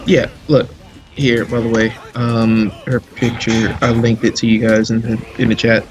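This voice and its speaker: A man telling a long story in casual chat during a live game stream, animated and full of slang. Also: medium pitch, unhurried, soft background music. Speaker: stream commentator.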